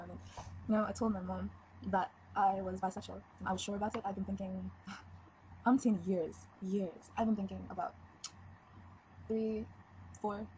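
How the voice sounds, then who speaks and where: A woman's voice: medium pitch, a little mellow. A seventeen-year-old girl talking frankly in a casual confessional vlog, rambling and giggly. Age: teens. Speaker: vlogger. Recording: dull lo-fi webcam audio with faint noise.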